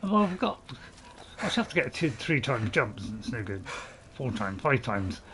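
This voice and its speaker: A man's voice: medium pitch, very animated, normal speed, pushed and bright, a little hiss or hum. Man, gaming host, let's play commentary, rambling, apologetic, chuckling, faint game ambience.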